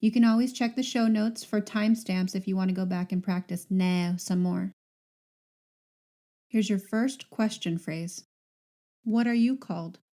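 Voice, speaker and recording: A woman's voice: medium pitch, unhurried, mellow. A woman hosting a podcast language lesson, patiently modelling sounds and words for listeners to repeat.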